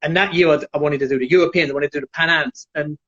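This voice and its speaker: A man telling animated stories in a casual live chat and acting out the people in them. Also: fairly high pitch, rapid-fire, slightly rough. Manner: animated, acts out quoted voices. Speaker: guest, jiu-jitsu black belt. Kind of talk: casual storytelling on a live stream. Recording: dull lo-fi live stream audio.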